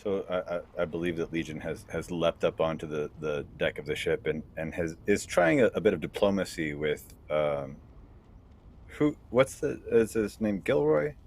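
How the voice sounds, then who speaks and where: A man's voice: deep voice, lively intonation, normal speed, a little mellow, a little hiss or hum. A man playing a tabletop game, talking casually and hesitantly with restarts. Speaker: player. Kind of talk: casual chat.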